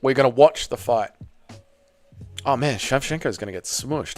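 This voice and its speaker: A man hosting a live fight watch party, giving blunt, excitable casual commentary, swearing freely and reading chat. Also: medium pitch, normal speed, faint music behind.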